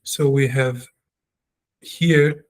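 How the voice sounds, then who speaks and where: A man talks through a language lesson at an unhurried pace. He reads example sentences and then explains them. He repeats single sounds several times so they can be practised. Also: medium pitch, fairly even intonation. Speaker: Hebrew teacher. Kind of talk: slow spoken lesson, reading aloud and explaining.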